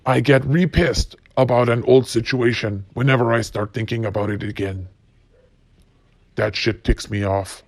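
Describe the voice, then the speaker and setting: A man's voice: mid-range voice, steady tone, normal speed, vocal fry, no room sound. Guy grumbling through a cussing rant, dead dry mic, mid voice. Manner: profane, blunt, grumbling. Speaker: podcast host. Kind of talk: solo rant reading quotes.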